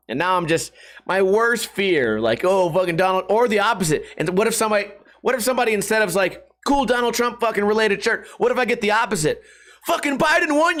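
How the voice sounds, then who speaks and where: A man's voice: sits high, a bit bright. A man hosting a casual solo podcast, rambling and swearing, laughing at his own jokes and putting on voices for quotes. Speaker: podcast host.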